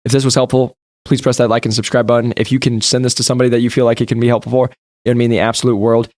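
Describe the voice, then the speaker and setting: A man's voice: medium pitch, little pitch movement, rapid-fire, a little mellow, no echo, clean studio sound. A man hosting a podcast, giving an emphatic motivational talk straight to his listeners. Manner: emphatic, direct, addresses listeners as you guys. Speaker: podcast host and sales coach. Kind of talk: motivational monologue.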